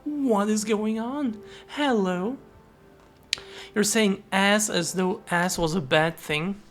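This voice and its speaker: A woman's voice: medium pitch, slow pace, soft background music. A young woman streaming live, chatting casually with viewers, thanking them and swearing freely.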